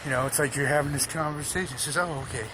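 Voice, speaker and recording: A man's voice: on the high side, little pitch movement, racing. A man talking casually to the camera about recovery, rambling, blunt and profane but reassuring. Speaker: recovery vlogger. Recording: loud background noise.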